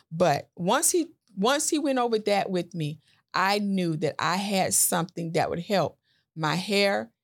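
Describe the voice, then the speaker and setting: A middle-aged American woman hosts a podcast and tells a personal story, acting out voices with big jumps in pitch. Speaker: podcast host.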